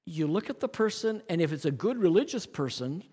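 Animated high-voiced male church teacher. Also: fairly quick, husky. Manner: earnest, coaching, full of rhetorical questions. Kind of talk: teaching talk to a congregation.

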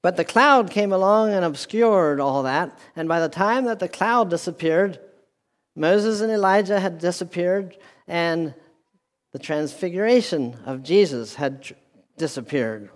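Slow-paced preacher in a reverberant hall. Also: male voice, high-pitched, lively intonation. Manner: deliberate preaching with repeated phrases and restarts. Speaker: pastor. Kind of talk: sermon. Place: church hall with a speaker system.

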